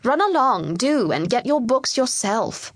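A woman voicing a brisk, no-nonsense nurse scolding a child in a children's storybook. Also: fairly high pitch, sing-song, dry recording, studio quality, pitched above the performer's own voice.

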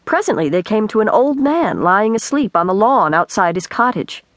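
A woman reads a children's storybook aloud, her pitch rising and falling in lively swings. The studio sound is dry and close, with no room around her. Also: moderate pace, dry recording. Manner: animated storytelling. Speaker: audiobook narrator. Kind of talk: scripted narration. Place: recording studio.

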